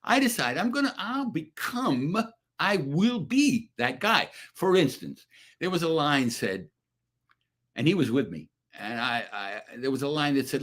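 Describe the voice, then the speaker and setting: Older man, actor guest, lively swinging pitch, salty storytelling, middle-pitched voice. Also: measured pace. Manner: animated, profane storytelling with acted-out quotes. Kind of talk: casual chat. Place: radio studio or remote call.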